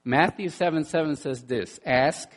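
A man preaching a sermon in an animated way, dropping to quiet asides and rising to loud bursts, often repeating words as he restarts. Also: fairly high pitch, unhurried. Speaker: pastor.

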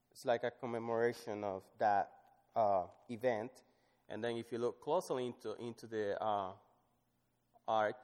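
Man preaching in a reverberant hall. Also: on the low side. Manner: swings from loud emphatic scripture reading to soft, hushed asides. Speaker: pastor. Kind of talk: sermon.

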